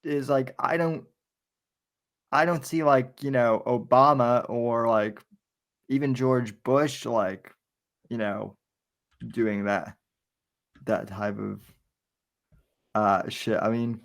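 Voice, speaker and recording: Brief: male podcast host, mid pitch, halting and stumbling, casual. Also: fairly even intonation. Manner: halting, full of restarts.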